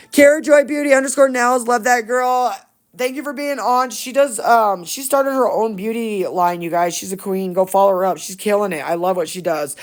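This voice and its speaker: A woman on a phone livestream, greeting viewers by name in an affectionate, chatty, rambling way. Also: mid-range voice. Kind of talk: casual livestream shout-outs.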